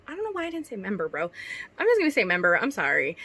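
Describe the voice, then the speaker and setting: A woman's voice: mid-range voice, wildly swooping pitch, very fast, bright, forceful tone. A young woman reading her old writing aloud and commenting on it, giggling, swearing and mocking herself. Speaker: YouTuber.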